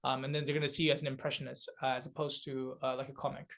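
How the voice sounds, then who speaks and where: His voice is mid-range and gravelly, and he talks very fast: a young South Korean man guesting on a comedy podcast. Laughing as he goes, he tells lively stories stuffed with fillers in casual chat.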